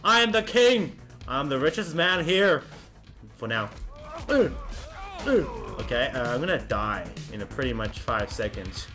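A man commentating a game he is playing, excitable and often laughing while he talks to the characters on screen. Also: medium pitch, measured pace, pauses often, over music. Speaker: gameplay commentator. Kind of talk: let's play commentary.

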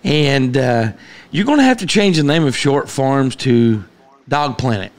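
A man speaks slowly in casual podcast chat. His pitch moves widely as he talks, and he teases the others and laughs along. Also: lively intonation.

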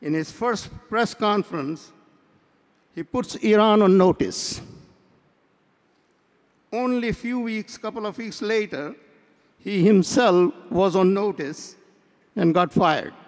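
Male convention speaker with a high voice, measured parable-telling, recorded in a big echoing hall. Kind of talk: welcome speech at a convention. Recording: long hall reverb.

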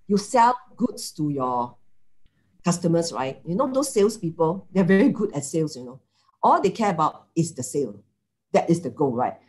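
A woman's voice: sits low, a little mellow. A middle-aged woman with a Singaporean English accent gives a conversational Buddhist talk as a lay teacher, often checking in with "okay" and "right". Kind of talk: Dharma talk with guided merit sharing.

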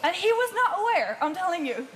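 A woman coaching a group on presenting, chatty and lively, often laughing between points. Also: extremely high pitch, fairly quick, some chatter behind. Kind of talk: workshop teaching.

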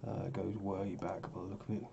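A tired man with a very dark, mellow voice rambles through his trading charts, often stopping to correct himself. His low voice comes through a dull, lo-fi mic with a faint hiss behind it. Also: little pitch movement, a little fast, gravelly. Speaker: forex trading vlogger. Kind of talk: casual screen-share commentary.

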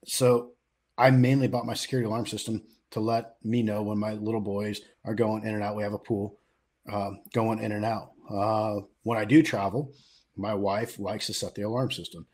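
A man's voice: fairly low pitch, level tone, moderate pace, a little mellow. A middle-aged man from the US West Coast co-hosting a podcast, talking casually with frequent fillers and restarts. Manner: conversational, many fillers and restarts. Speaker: podcast co-host. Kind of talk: casual chat.

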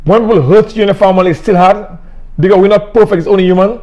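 Middle-aged Saint Lucian male preacher, high-pitched, earnest and repetitive delivery. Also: fairly even intonation, fast, mellow, highs cut off. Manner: emphatic, repetitive, plain-spoken. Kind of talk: sermon.

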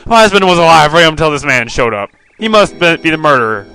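A man voicing a shrill, bossy penguin housewife who scolds and shrieks in a frantic, high falsetto. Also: moderate pace, bright, forceful tone, soft background music. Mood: accusing.

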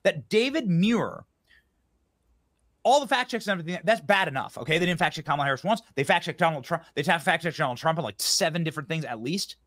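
A man giving heated political commentary, indignant and quick to hurl insults, often restarting his sentences. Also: fairly high pitch, expressive, fairly bright tone. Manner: indignant, name-calling, many restarts.

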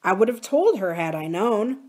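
A woman voicing a gentle, sad grown man, a kind uncle, in a storybook reading, quietly. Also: medium pitch, big pitch swings, moderate pace.

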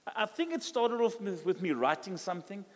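A high-pitched male pastor with a South African English accent delivers a chatty, animated sermon, slipping into quoted voices as he tells stories. His voice carries a long reverb from the church hall. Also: brisk. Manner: conversational, animated preaching that acts out quoted dialogue.

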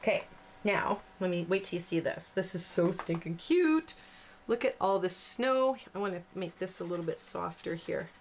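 A woman's voice: lowish voice, expressive, normal speed, a little hiss or hum. A woman hosting a card-making tutorial, chatting casually and rambling with lots of fillers as she works. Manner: chatty, rambling, self-deprecating with frequent fillers. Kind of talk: casual crafting demonstration.

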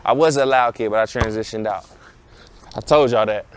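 A man's voice: fairly low pitch, normal speed, smooth. A man around thirty, hosting a podcast and giving blunt, preachy life advice in a casual monologue that keeps circling back to rhetorical questions. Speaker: podcast host.

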